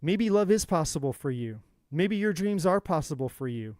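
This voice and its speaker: A man's voice: fairly high pitch, animated, normal speed, a little mellow, no echo, clean studio sound. A man giving an intense, profane motivational monologue as a tarot reader, hammering his points with repetition.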